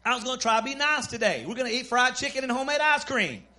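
A man preaching a sermon in a folksy, emphatic manner, building from plain storytelling to shouting. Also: extremely high pitch, expressive, fast talker.

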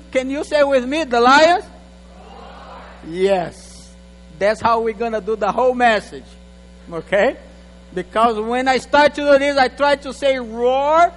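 A male pastor delivers a sermon in a very high voice, slowly and deliberately, in English that is not his first language. He often stumbles and repeats words as he talks. His voice rings out with a long hall reverb. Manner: halting, repeats words, non-native phrasing, talks to an assistant.

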